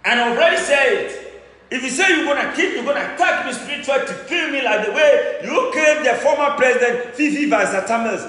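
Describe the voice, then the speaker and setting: A boastful Ghanaian-accented man declaiming as a traditional priest, his voice high, bright and sharply animated. He repeats phrases and swings from shouts to low mutters. The sound rings in a roomy hall with long reverb. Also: fast talker. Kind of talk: fiery declamation. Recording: echoey room with long reverb.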